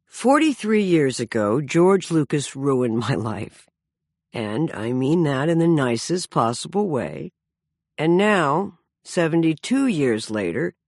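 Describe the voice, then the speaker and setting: A woman's voice: deep voice, darkish tone, no room sound. A woman around sixty narrating her own memoir with dry, self-mocking humor.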